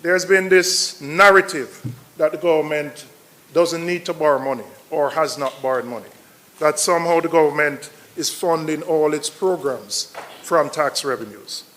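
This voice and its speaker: Man, opposition finance spokesman; high, bright voice, combative, emphatic repeats in debate. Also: normal speed, a little hiss or hum. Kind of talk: parliamentary budget debate speech.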